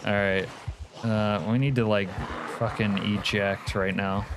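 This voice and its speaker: A man's voice: fairly low pitch, level tone, a little slow, heavy background noise. Joking, cursing man streaming a game. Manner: profane, jokey, reads chat aloud. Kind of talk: casual live-stream commentary.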